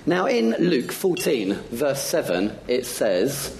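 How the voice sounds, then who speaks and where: A man's voice: mid-range voice, wildly swooping pitch, takes it slowly, a little mellow, a little hiss or hum. A man giving a playful talk to children during a church service, asking them many questions. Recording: echoey church hall.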